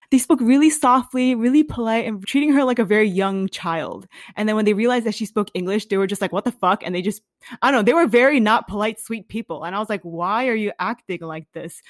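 Young american woman telling a story on a podcast, blunt, mid-pitched, close dry mic. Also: no room sound. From United States. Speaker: podcast co-host. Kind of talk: casual podcast chat.

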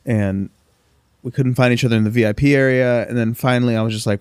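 A man's voice: medium pitch, fairly even intonation, fast talker, a little mellow, clean tone, dry recording, clean studio sound. Rambling young man telling a story. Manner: loose, swearing storyteller with lots of restarts. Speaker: podcast co-host. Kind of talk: casual chat.

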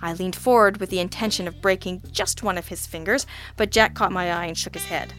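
A woman narrating an audiobook in the first person. Her delivery is deadpan with a sardonic edge. She keeps an even, steady reading voice. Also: lowish voice, brisk, faint music behind.

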